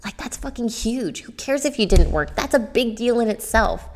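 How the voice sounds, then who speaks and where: A woman's voice: a little high, expressive, moderate pace, a little mellow. A young adult woman hosting a casual solo podcast, chatty with many fillers and self-coaching asides. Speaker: podcast host, tattoo artist.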